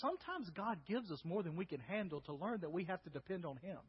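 A man's voice: high voice, sing-song, quick pace, slightly rough. A male pastor preaching a sermon in a conversational way, often checking in with the congregation. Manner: conversational, asking the crowd "right?". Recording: dull lo-fi with long hall reverb.

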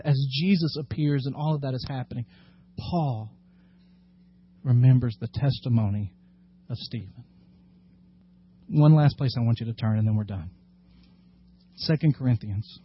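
A man preaching a sermon as pastor, animated when acting out scripture and dropping low and quiet for serious points. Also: moderate pace, pauses often, slightly rough, lo-fi sound. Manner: animated, acts out scripture quotes with rising emphasis.

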